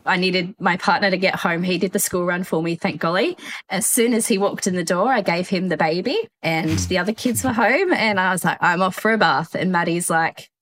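A woman's voice: fairly low pitch, brisk, a bit bright. A woman, a mother on a parenting panel, talking in a chatty way and laughing often. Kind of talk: casual chat.

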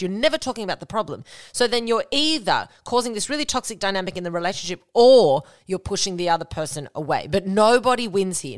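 A young woman hosts her own podcast in a loose, candid way, swearing without a second thought. Her voice sits a little low. The recording is dry, with no room sound. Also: no room sound. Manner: candid and blunt, swears freely, acts out quoted lines. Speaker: podcast host. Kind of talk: casual solo podcast talk.

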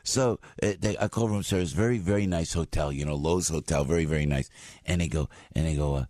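A man in his sixties with a New Jersey accent, telling stories in an animated monologue as a talk show host. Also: a bass voice, brisk, no echo, studio quality. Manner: animated, acts out voices. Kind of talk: storytelling monologue.

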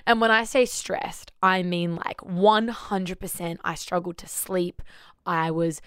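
A woman's voice: lowish voice, moderate pace, smooth, no echo, clean studio sound. A woman co-hosting a faith podcast, telling a personal story in casual chat with frequent laughs. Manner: animated storytelling, laughs often. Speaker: podcast co-host.

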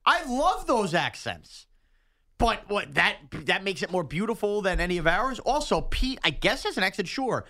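A man's voice: high voice, fairly quick, vocal fry, hardly any pauses. A man from Long Island hosting a sports radio show, talking in a casual, emotional, jokey way with a Long Island accent. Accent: Long Island New York. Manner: animated, emotional, jokey and self-mocking. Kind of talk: casual sports talk banter.

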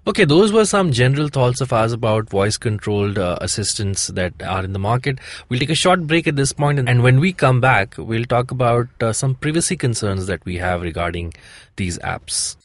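A man's voice: medium pitch, animated, brisk, no echo. Easygoing Indian man hosting a podcast. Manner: easygoing, rambling with fillers. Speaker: podcast host. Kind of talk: casual chat.

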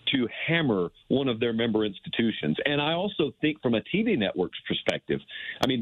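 A man calling in as a guest analyst on sports talk radio, thinking aloud in a measured way. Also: mid-range voice, breathy edge, no echo. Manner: thoughtful, measured, wondering aloud. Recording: tinny phone line, dry.

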